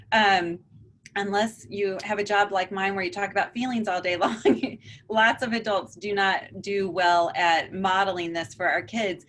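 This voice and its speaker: Calm conversational woman counselor. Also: mid-range voice, slight background noise. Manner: calm, conversational explaining with acted example dialogues. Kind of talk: informal talk to a parent forum.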